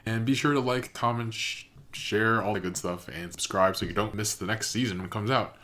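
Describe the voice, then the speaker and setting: A man's voice: fairly low pitch, fairly quick, fairly bright tone, a little hiss or hum. A man hosting a reaction channel, chatting casually and thinking aloud with lots of fillers.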